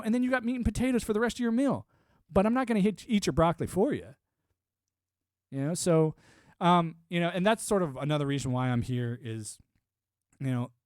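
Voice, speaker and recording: A man's voice: fairly high pitch, darkish tone, no echo, studio quality. A man ranting on a live stream, profane and combative, laughing often and talking like a military veteran. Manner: former military and network engineer talk. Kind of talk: casual live-stream rant.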